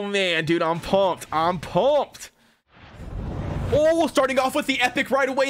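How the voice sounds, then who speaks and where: High, hyped-up male game streamer. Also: unhurried. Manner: hyped, excitable, cheering at the game. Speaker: gaming livestreamer. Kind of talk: live gameplay commentary.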